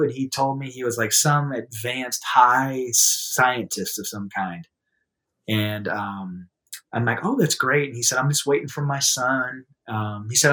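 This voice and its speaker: A man telling a personal story in a relaxed, conversational way, acting out quotes and turning soft in serious moments. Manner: lively anecdotal telling, acts out quotes in a raised voice; laughs easily, drops to a soft low voice in serious moments. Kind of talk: casual storytelling.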